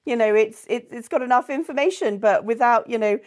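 A woman's voice: on the high side, a little fast, darkish tone. A woman hosting an interview, introducing her guest and asking questions in an enthusiastic, chatty way. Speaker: interviewer, festival host.

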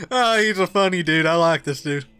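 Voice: medium pitch, sharp tone, clean tone. A let's-play host chatting and reading game dialogue aloud in casual gameplay commentary. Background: game music.

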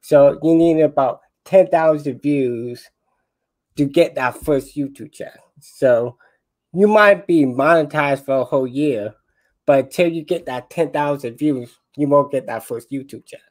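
A man in his twenties joins a panel as a guest and explains things at a very slow, unhurried pace. His voice sits a touch high, and he sounds thoughtful and conversational. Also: a little mellow. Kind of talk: casual conversation.

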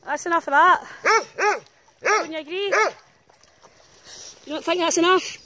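Speaking at a measured pace in an extremely high voice, a professional dog walker vlogs her walk through muddy countryside. She talks to the dogs, exclaiming and teasing them as they bark in the noisy outdoor recording.

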